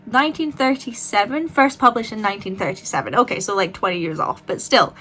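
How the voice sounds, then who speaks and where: Young woman, book vlogger, casual chat, animated, rambling. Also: medium pitch, a little fast, a little hiss or hum. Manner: chatty, animated, rambling with fillers and self-corrections.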